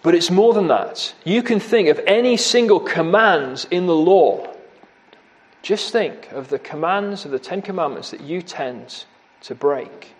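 A man's voice: sits high, expressive, a little slow. A man preaching a sermon, grave and emphatic, repeating key words for weight.

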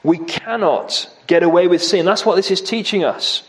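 A man's voice: high-pitched, normal speed. A man preaching a sermon, grave and emphatic, repeating key words for weight.

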